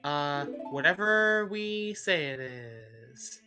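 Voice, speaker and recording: A woman giving casual commentary on a video game race, playful and teasing with deadpan humor. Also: low voice, extremely slow. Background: music.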